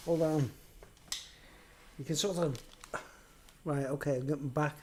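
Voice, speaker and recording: Guy, slow and rambling, unscripted home-mic chat, jokey, halting. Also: on the high side, fairly even intonation, darkish tone, slight background noise. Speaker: solo vlogger and musician. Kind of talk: unrehearsed rambling monologue. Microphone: desk microphone with headphones.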